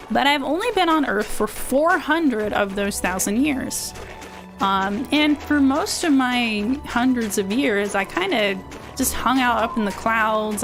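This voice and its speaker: A woman streamer chatting live while she plays, rambling and excitable and quick to yell at the game. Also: a little high. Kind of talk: live gameplay stream chat. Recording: game music under the voice. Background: game music.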